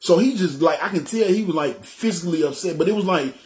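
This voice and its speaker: A middle-aged man giving a casual testimony into his phone, animated and acting out the people in his story. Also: sits high, fast.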